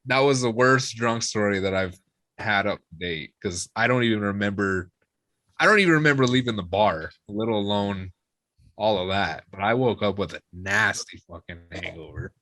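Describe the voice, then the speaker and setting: A man's voice: on the low side, moderate pace, dry recording. A young man, a musician guest, casually telling a rowdy drinking story, swearing freely and acting out the people he quotes. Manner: swearing, lively retelling with quoted voices.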